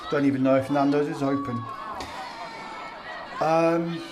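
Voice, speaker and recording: Man, mocking commentary, slightly high voice, sarcastic. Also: steady tone, a little slow, a crowd in the background, background noise. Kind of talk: commentary over protest footage.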